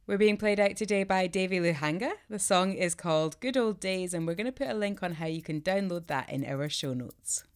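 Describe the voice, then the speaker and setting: Woman co-host, smooth clear voice, lowish pitch, scripted outro. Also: brisk, hardly any pauses. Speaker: podcast co-host.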